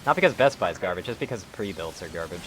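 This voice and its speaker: Teasing low-voiced man streamer. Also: expressive, fast talker, fairly bright tone, faint music behind. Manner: teasing, sarcastic. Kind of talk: casual chat while gaming.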